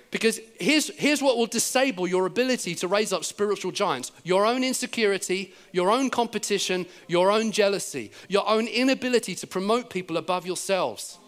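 A man with an English accent preaching a sermon in a church, telling stories in an animated way and acting out the words of the people in them. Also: high voice. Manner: animated storytelling, acting out quoted speech. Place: church service.

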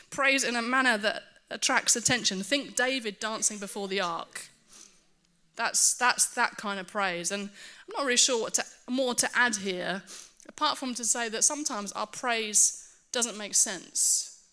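Bright-voiced woman preaching a sermon. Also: on the high side, unhurried. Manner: earnest, animated, self-mocking asides.

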